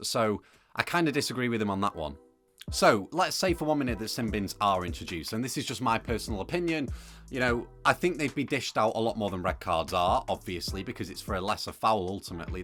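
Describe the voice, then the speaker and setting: A young man delivers his football opinions straight to camera in a relaxed, chatty way, dotted with ums and asides. His voice sits on the low side. Soft music plays faintly beneath him. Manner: conversational, opinionated, with frequent fillers. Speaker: football video presenter.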